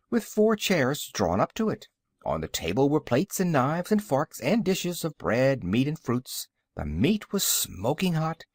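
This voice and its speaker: Man reading a storybook aloud, animated, lively pitch, dry close sound. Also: no room sound. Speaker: audiobook narrator. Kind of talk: storybook narration.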